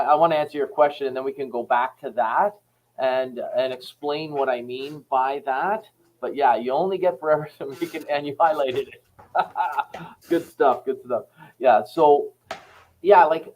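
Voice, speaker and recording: A Canadian man who heads a sales company and writes books speaks in a slightly high voice with lo-fi sound. As a guest on a casual podcast interview, he talks frankly and rambles, acting out phone calls while telling stories.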